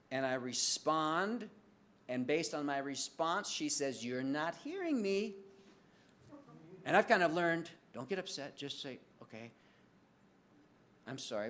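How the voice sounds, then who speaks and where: Lively conversational male preacher. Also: fairly high pitch. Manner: conversational, acts out little dialogues with lively swings of voice. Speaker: pastor. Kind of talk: sermon.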